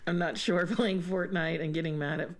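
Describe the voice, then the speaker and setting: A woman co-hosting a relaxed podcast, talking in a somewhat low voice and laughing through her stories. She jumps into high squeals to act out her own outbursts. A faint hiss of room noise sits under the recording. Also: normal speed. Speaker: podcast co-host. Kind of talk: casual chat.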